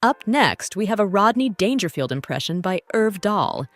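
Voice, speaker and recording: A woman reading scripted voice-over, briskly introducing each clip. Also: medium pitch, very animated, background noise. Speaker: narrator. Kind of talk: scripted narration.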